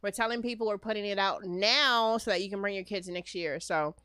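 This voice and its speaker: A woman's voice: mid-range voice, a little fast, pushed and bright, clear, resonant tone, no echo. Chatty woman podcast co-host, dry sound. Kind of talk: casual chat.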